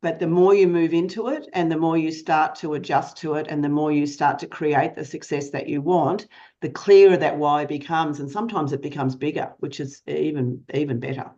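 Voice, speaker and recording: A woman's voice: low voice, steady tone, moderate pace, warm tone. Direct, encouraging woman on a dull line. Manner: encouraging, direct, with rhetorical questions. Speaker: guest coach. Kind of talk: interview answers, advice. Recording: dull lo-fi sound.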